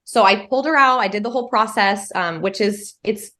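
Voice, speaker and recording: Woman in her thirties, chatty, lots of fillers, mid-pitched, casual interview guest. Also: fairly quick, pushed and bright. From California. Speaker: interview guest, homeschooling mother of three. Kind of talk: casual conversational storytelling.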